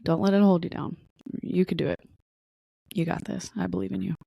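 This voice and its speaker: Low gravelly woman podcast host. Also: little pitch movement, fairly quick, no echo, muffled recording. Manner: candid, rambling, self-mocking with laughs; encouraging pep talk. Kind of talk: casual solo podcast monologue.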